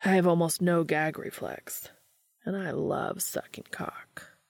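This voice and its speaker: A woman playing a bold, playful young man who talks in a soft, husky half-whisper, in a fan fiction audiobook. Her voice stays low and gravelly, recorded dry and close. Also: a little fast, no room sound.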